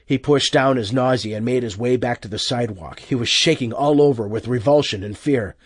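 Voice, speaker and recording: A man narrating an audiobook with expressive, tense storytelling. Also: mid-range voice, fairly quick, husky, dry recording, clean studio sound.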